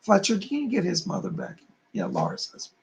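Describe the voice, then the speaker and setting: Gravelly-voiced man giving psychic readings. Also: high-pitched, wildly swooping pitch, a little fast. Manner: soothing, calls viewers darling and hon. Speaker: psychic medium host. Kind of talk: live-stream psychic readings.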